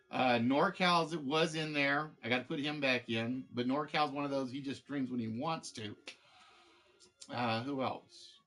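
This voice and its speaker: A man's voice: medium pitch, measured pace, a bit bright, soft background music. A man hosting a live game show stream, chatting casually with viewers in a rambling way, full of fillers and restarts.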